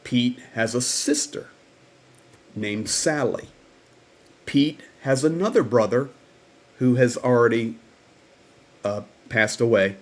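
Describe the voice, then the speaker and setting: A man's voice: medium pitch, slow pace, long pauses. A man hosting a livestream update who tells events in an earnest, storytelling way. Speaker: host.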